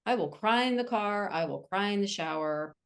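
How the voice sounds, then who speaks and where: A woman author talking candidly as an interview guest, telling personal stories in an animated way. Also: medium pitch, normal speed. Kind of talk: casual interview chat.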